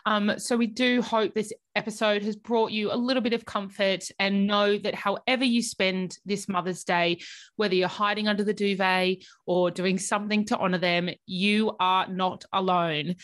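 A woman's voice: mid-range voice, fairly bright tone. A young woman co-hosting a casual podcast, chatty and emotional, filling her talk with "like" and the odd swear word. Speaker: podcast co-host.

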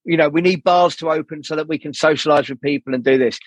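A man talks with a husky, slightly high voice, drifting from one tangent to the next and swearing freely. He slips into the voices of the people he quotes. The recording is dry and close. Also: quick pace, dry recording. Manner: swears a lot, rambling, acts out quoted people. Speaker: podcast guest, jazz saxophonist. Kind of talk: candid podcast conversation.

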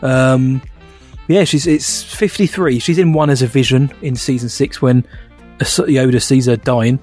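A man's voice: medium pitch, fairly even intonation, moderate pace, darkish tone, soft background music. A man co-hosting a podcast, chatty and often laughing. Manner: chatty, laughs often, says mate a lot. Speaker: podcast co-host. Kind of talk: casual podcast banter.

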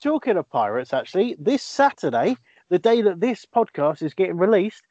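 A man's voice: high voice, big pitch swings, moderate pace, darkish tone, no room sound, dull audio. A man co-hosting a casual podcast, chatting and sharing news stories. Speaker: podcast co-host.

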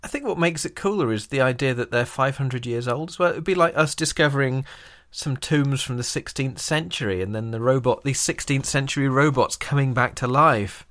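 A man's voice: medium pitch, fairly quick, fairly bright tone. A man co-hosting a podcast, chatting casually and wryly explaining details of an old TV episode. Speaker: podcast co-host. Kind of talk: casual chat reviewing a TV episode.

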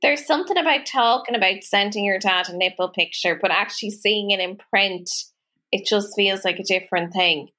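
A woman co-hosting a podcast, chatting casually and telling animated stories, laughing often. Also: medium pitch, moderate pace. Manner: animated storytelling, laughs often, acts out quotes. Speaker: podcast co-host. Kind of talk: casual chat.

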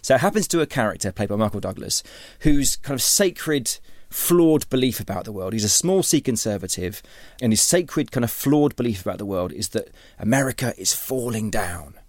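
A man's voice: on the low side, expressive, normal speed, no echo, studio quality. A man, an author and writing teacher, explaining ideas in a conversational interview, rambling with many restarts and repeated words.

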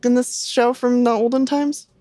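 A woman co-hosting a comedy podcast, chatting wryly and asking quick questions. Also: fairly high pitch, little pitch movement, warm tone, dry recording, studio quality. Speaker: podcast co-host. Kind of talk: casual chat.

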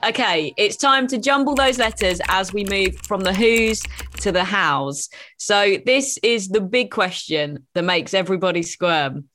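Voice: medium pitch, measured pace, over music. An interviewer asking questions in a light, upbeat, friendly way. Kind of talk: casual interview.

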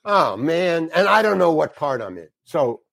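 Older man, guest raconteur, blunt and animated, dry close sound. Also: on the high side, normal speed, creaky, no echo. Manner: animated, acts out dialogue, frank, swears. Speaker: guest actor. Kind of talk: anecdotal storytelling.

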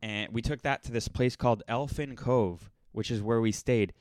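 A young man telling a rambling, sardonic story in a casual monologue, now and then mocking people in quick impressions. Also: medium pitch, a little mellow, no echo. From Los Angeles area.

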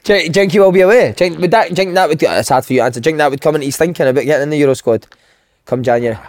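A man's voice: on the high side, racing, a little mellow. A Scottish man co-hosting a casual football podcast, bantering, swearing freely and firing off questions to the others. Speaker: podcast co-host.

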